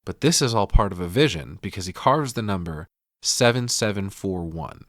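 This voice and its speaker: A middle-aged man casually recapping a film, swearing, laughing and slipping into quick impressions. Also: sits low, expressive, fairly bright tone, no room sound, studio quality. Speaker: podcast co-host.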